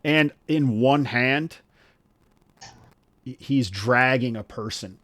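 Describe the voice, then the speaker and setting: A man with a mid-range voice and fairly bright tone narrates as game master of a tabletop game, speaking slowly and rambling with many restarts. The recording is dry, with clean studio sound.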